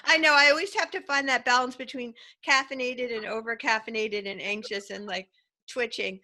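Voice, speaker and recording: A woman hosts an interview with high-pitched, bright enthusiasm. She laughs easily and keeps the conversation moving with encouraging prompts. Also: fairly even intonation, normal speed. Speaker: interview host. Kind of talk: upbeat interview hosting.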